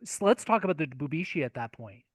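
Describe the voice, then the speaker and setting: A man interviewing a guest over a call, courteous and deferential, speaking in a measured way. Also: on the high side, big pitch swings, fairly bright tone, no echo, studio quality. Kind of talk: polite interview talk.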